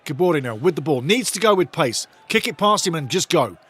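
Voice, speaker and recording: Man, live fan commentary, watch-along host, excitable, sweary, slightly high voice. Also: brisk, husky. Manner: excitable, loud and sweary, talks to viewers in chat.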